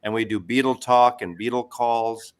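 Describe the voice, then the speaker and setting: An older man guest telling brisk, blunt stories, swearing freely. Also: mid-range voice, steady tone, smooth. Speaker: guest, former radio regular. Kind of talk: casual storytelling.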